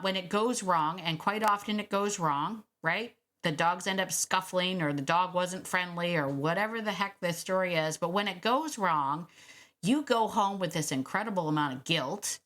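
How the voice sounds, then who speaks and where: A woman hosting her own dog-training podcast, talking in a chatty, emphatic solo monologue with quick restarts and laughs. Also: lowish voice, fairly bright tone.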